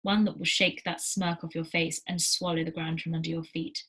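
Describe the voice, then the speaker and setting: A woman's voice: low-pitched, little pitch movement, normal speed, a bit bright, husky, exaggerated voice. A woman voicing a cold, commanding leader of a banished people in a storybook read-aloud. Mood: scornful.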